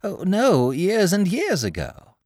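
Man doing a high pleading older woman. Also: wildly swooping pitch, slow, a little mellow, dry recording, studio quality, exaggerated voice. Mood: coy. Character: aging woman, pining nursemaid, wheedling and vain.

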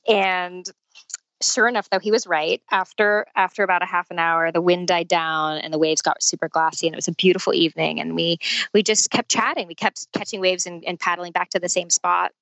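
A woman in her forties, a podcast guest telling a personal story in a lively, casual way and laughing often. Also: lowish voice, brisk, dry recording, low-quality recording.

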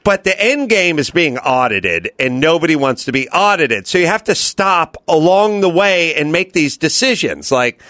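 A man's voice: on the high side, sing-song, normal speed, hardly any pauses, a bit bright, no room sound. A man hosting a podcast in casual chat, telling rambling stories and acting out the voices of people he quotes. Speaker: podcast host.

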